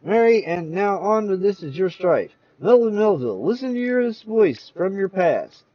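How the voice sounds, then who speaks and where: A man's voice: high voice, very animated, moderate pace, lo-fi sound, voice pushed up. A man voicing a smarmy male TV show host with showy emcee patter.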